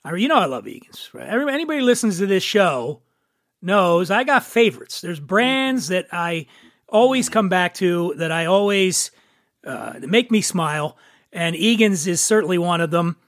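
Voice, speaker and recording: A man's voice: sits high, sing-song, normal speed, a bit bright, dry recording, clean studio sound. Jokey rambling podcast host, a man. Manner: jokey, rambling, self-mocking. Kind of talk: casual podcast talk.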